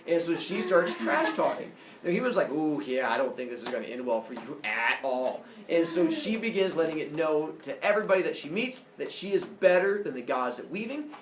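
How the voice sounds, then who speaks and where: A young male teacher tells myths to his class with a lively, swooping voice and playful sound effects. His voice sits a bit high for a man. The classroom is echoey, with faint room noise, and the camera picks him up from afar. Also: far from the mic. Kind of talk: animated classroom storytelling.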